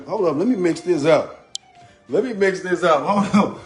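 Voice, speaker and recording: In an echoing home kitchen with faint music behind him, an adult home cooking host talks to his live stream viewers while he cooks. He's expressive and chatty, with a slightly high voice and a moderate pace. Along the way he says hello to commenters and returns to a favorite catchphrase.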